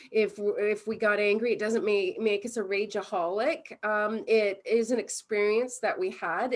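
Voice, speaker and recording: A woman from Canada, a mindfulness coach, chatting casually as an interview guest, laughing often and acting out everyday scenes. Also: mid-range voice. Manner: animated storytelling, acts out little scenes.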